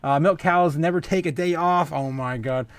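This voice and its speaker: A man with a somewhat high voice hosts a casual livestream and reads out viewer comments. He laughs a lot and stumbles through restarts and filler sounds. The recording is dry and close, with no room sound. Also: normal speed, clean tone, no echo. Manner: chatty, laughs often, many filler "uh"s and restarts. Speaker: host of a crypto livestream.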